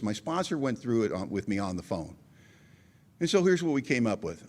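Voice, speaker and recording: A man's voice: on the low side, very animated, brisk, darkish tone. A middle-aged man sharing his personal recovery story at a meeting, talking conversationally and acting out the dialogue he recounts.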